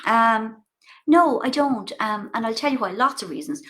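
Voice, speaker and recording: A woman's voice: a little high, moderate pace, a bit bright. A middle-aged woman with an Irish accent, chatting casually over a video call as an author guest, telling stories with playful asides.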